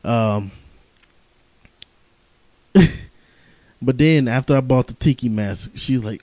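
A man's voice: mid-range voice, slow pace, long pauses, warm tone, dry recording, low-quality recording. A young man hosting a podcast on his own, tired and rambling, cursing often and laughing through his stories. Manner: profane, laughing, rambling storyteller. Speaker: podcast host. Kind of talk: casual rambling monologue.

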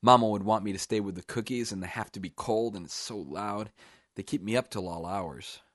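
A man voicing a loud, childlike young man. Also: lowish voice, brisk, no room sound, studio quality. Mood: insistent. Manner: loud, eager, childlike insistence. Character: simple-minded young man ruled by his mother.

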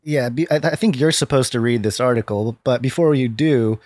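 A man co-hosting a live-streamed talk show, speaking haltingly with restarts and jokes. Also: medium pitch, darkish tone, no room sound, studio quality. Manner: halting, restarts often, jokey. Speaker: co-host of a news talk show. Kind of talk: casual live-stream chat.

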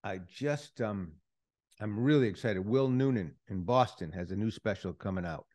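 A man's voice: on the low side, normal speed, darkish tone. A man hosting a podcast, talking casually in a loose, rambling way with asides. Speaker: podcast host.

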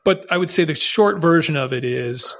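A man's voice: on the high side, animated, moderate pace, fairly bright tone. A man telling his own story as a podcast guest, in an earnest, reflective way with frequent restarts. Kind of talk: candid conversational storytelling.

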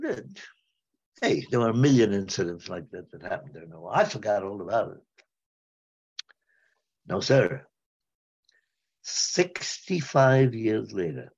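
Gravelly-voiced man in his nineties. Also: deep voice, darkish tone. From United States. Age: 90s. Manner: halting, rambling, repeats words as he recalls. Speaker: war veteran interviewee. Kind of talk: spoken personal storytelling. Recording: dull lo-fi sound.

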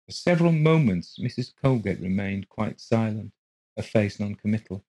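A man narrating a ghost story in a measured, steady reading voice. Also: on the low side, breathy edge.

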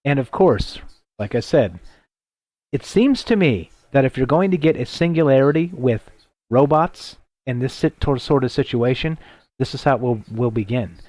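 On the road and broadcasting from a laptop, a man hosts a casual late-night radio talk show, rambling and poking fun at his own stumbles. His voice is medium in pitch with a darkish tone, expressive and at a moderate pace. The recording is dry.

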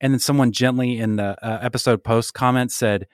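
A man's voice: mid-range voice, fairly even intonation, a little fast, no room sound, clean studio sound. A man co-hosting a casual podcast, leading the segments and bantering playfully with his co-host.

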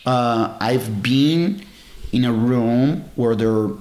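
A man's voice: mid-range voice, slow, darkish tone, echoey room. A middle-aged man telling stories from his martial arts career in a casual interview, rambling with many fillers and restarts. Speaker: jiu-jitsu champion guest.

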